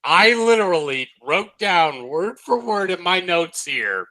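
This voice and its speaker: A man with a bright, forceful tone and a slightly higher voice than most men talks casually as a review co-host. He laughs easily and slips into quick quoted lines when he retells scenes. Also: sing-song, poor audio. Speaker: co-host of a cartoon review show.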